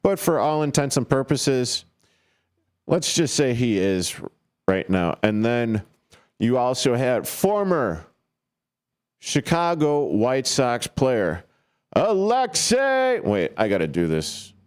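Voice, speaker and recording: A man hosting a live sports radio show on his own in a studio. He rambles and jokes with plenty of fillers and breaks into sudden high, yelped calls of players' names. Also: sing-song, takes it slowly, clear, resonant tone.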